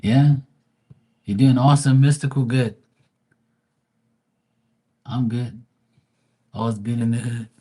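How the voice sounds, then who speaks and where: A man's voice: mid-range voice, fairly even intonation, slow, pauses often, warm tone. A man hosting a live tarot stream, talking casually and bluntly with plenty of swearing, and greeting chat viewers by name. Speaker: livestream tarot reader.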